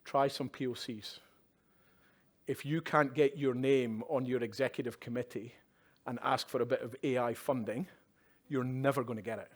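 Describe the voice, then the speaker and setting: A man's voice: medium pitch, fairly even intonation, normal speed. Male keynote speaker on a conference stage, chatty, drops wry asides and "yeah?" checks to the room. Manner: conversational, with tag questions and wry asides. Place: conference stage at a live event.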